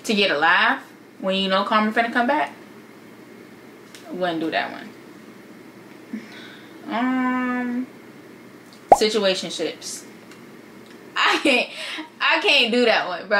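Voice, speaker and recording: A young woman with a bright, ringing voice pitched a little high. She gives casual vlog advice in a sassy, slangy way, talking straight to her viewers. A faint hiss sits under her voice. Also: unhurried, pauses often, low-quality recording. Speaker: vlogger.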